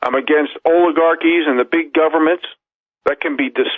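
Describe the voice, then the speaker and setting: A man's voice: on the high side, steady tone, brisk, no room sound. A man giving emphatic talk radio news commentary, reading articles aloud and stacking up long lists of points. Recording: tinny phone-line audio, dry.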